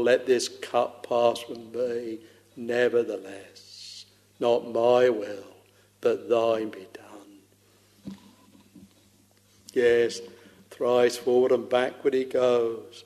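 A man's voice: medium pitch, darkish tone. A man preaching a sermon with old-style fervor, calling his listeners dear soul, sometimes swelling into a half-sung chant. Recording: long hall reverb.

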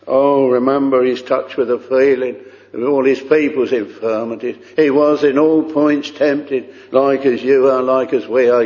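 Slow pleading preacher guy, lots of oh's, dull old recording in a big echoey hall. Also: mid-range voice, a little mellow. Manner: earnest, pleading, repeats phrases with many "oh"s. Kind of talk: sermon.

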